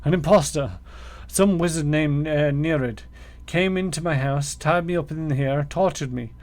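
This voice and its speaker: A man's voice: a little high, moderate pace, darkish tone, lightly acted. A man reading as a terrified, beaten captive. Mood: nervous. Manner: sobbing, pleading, nervous. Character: frightened, beaten man pleading for help.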